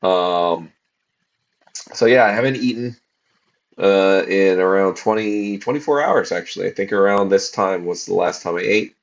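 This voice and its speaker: Tired from fasting, a podcast host in his forties drifts through a casual livestream ramble full of swearing and fillers. His voice is low, and the recording has its highs cut off.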